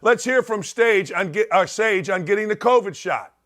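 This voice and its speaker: A man's voice: high voice, animated, normal speed, fairly bright tone. A man hosting a sports talk show, delivering an emphatic, repetitive opinion monologue.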